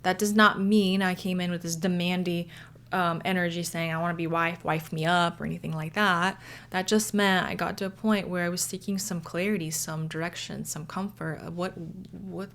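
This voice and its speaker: A woman speaking as a relationship coach, telling a personal story and giving advice to the camera in an earnest, soft-spoken way. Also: medium pitch. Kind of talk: direct-to-camera advice talk.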